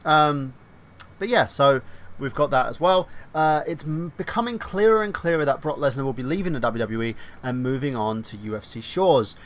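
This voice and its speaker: A man in a middle pitch hosting a casual podcast. He talks loosely and rambles a bit, with frequent ums and restarts. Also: moderate pace. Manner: loose, filler-heavy delivery. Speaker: podcast host.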